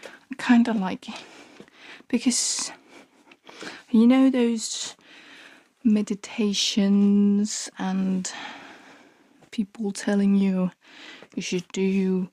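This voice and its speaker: A young woman sick with the flu talks in a slow, unhurried ramble. Her voice is husky and breathy, often dropping to a half-whisper, with sighs and panting between her lines as she clears out a room. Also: mid-range voice, dark tone, no room sound. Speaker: vlogger. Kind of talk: casual rambling vlog talk. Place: bedroom at home.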